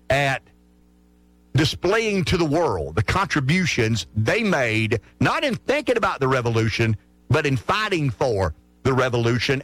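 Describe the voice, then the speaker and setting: Southern male radio host, rural drawl, lively pitch, emphatic and passionate, dry studio sound. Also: dry recording. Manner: passionate, emphatic, repeats words as he builds his point. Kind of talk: morning radio talk.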